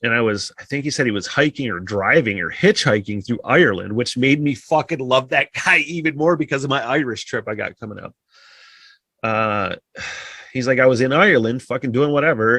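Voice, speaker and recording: A man's voice: mid-range voice, fairly bright tone, dry recording. A man hosting a podcast, talking casually and rambling, with frequent sighs and heavy swearing. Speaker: podcast host. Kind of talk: casual solo podcast monologue.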